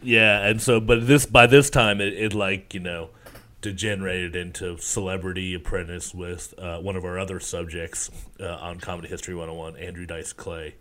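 A man's voice: low voice, steady tone, moderate pace, a bit bright. A man co-hosting a casual comedy podcast, with a dry, wry way of talking. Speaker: podcast co-host.

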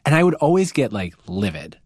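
A man hosting a podcast, telling stories in a casual, animated way. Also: mid-range voice, a little fast, slightly rough, no echo, studio quality. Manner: animated storytelling, casual, swearing. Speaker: podcast host. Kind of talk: conversational interview.

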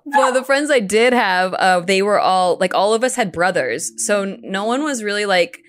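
A woman's voice: mid-range voice, expressive, fairly bright tone. A young woman in casual chat who talks with lots of likes and uhs and jokes easily. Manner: filler-heavy, says like often, quick to joke.

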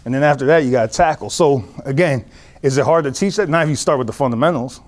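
A male football coach lays out his defensive philosophy, teaching step by step. He talks in a mid-pitched, even voice and often stops to restart a thought. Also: quick pace. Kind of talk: explaining defensive scheme.

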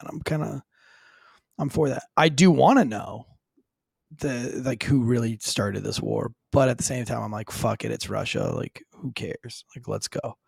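A man co-hosting a casual true-crime podcast, a former cop who jokes crudely and talks fast and loose. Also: medium pitch, gravelly, a little mellow, dry recording. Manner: crude, joking, quick and loose. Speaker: podcast co-host, former police officer.

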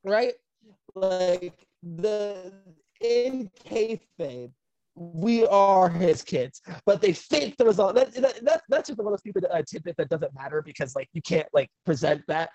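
A woman who wrestles for a living tells a story in loose, salty, animated talk. Her voice sits in a middling register and sounds dry and close, with no room around it. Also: medium pitch, dry recording. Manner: animated, profane, laughing storyteller. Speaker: professional wrestler. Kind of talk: casual storytelling.

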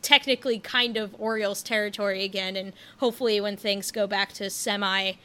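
A woman's voice: medium pitch, fairly even intonation, brisk, pushed and bright. A young woman co-hosting a casual podcast chat, talking loosely with many fillers and easy laughs. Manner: chatty, lots of fillers, laughs often. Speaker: podcast co-host.

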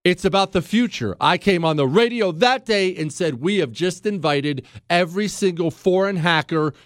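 High-voiced fired-up talk radio host. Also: male voice, lively intonation, moderate pace, dry recording, clean studio sound. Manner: emphatic, rhetorical questions, builds to anger. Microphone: studio microphone.

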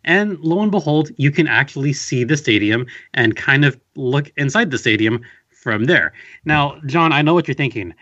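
A man's voice: medium pitch, animated, normal speed, fairly bright tone, dull audio. A man from Southern California chatting casually on a podcast, telling a rambling, wry story full of fillers. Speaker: podcast host guest. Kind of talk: casual chat.

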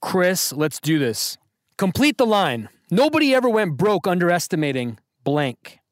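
A man's voice: high-pitched, big pitch swings, measured pace, no room sound, clean studio sound. A man hosting a podcast trivia quiz, reading questions to callers and hyping them up with playful banter. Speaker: podcast host and quizmaster.

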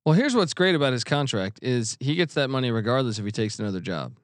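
A man's voice: medium pitch, very animated, fast, no echo, clean studio sound. A man guesting on a sports betting podcast, making picks with confident, teasing banter. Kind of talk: casual sports betting chat.

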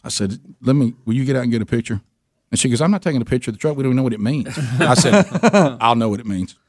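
Man telling an animated story. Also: fast talker, no echo, studio quality. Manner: animated storyteller, acting out quoted dialogue with big pitch jumps. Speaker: radio show host. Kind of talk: storytelling on a talk radio show.

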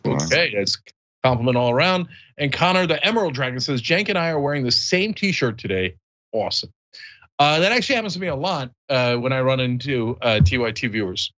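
A man hosting a casual podcast, bantering and reading viewer comments, often jumping into high mock voices. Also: a little fast, highs cut off. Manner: animated, jumps into high mock voices for quotes. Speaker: show host.

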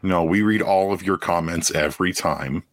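A man's voice: sits low, moderate pace, dry recording, clean studio sound. A young man co-hosting a casual sports podcast, riffing animatedly on ideas. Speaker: podcast co-host.

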